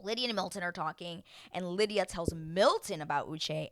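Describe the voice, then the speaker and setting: Woman vlogger, casual recap, exclamatory and lively, slightly low pitch. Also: a little fast, no room sound, clean studio sound. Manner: animated and exclamatory. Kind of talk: casual reality-show recap.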